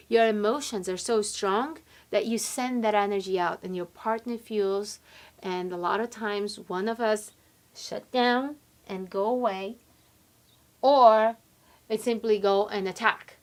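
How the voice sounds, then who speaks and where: A woman's voice: mid-range voice, unhurried. A woman coaching on relationships, talking straight to the listener and acting out quoted lines, with non-native English phrasing. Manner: expressive, acts out quoted complaints and soft replies. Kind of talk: coaching talk to camera.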